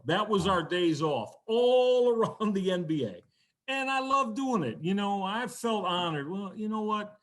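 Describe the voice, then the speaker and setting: A man telling rambling, animated stories as a podcast guest, with frequent restarts. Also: high-pitched. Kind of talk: casual storytelling.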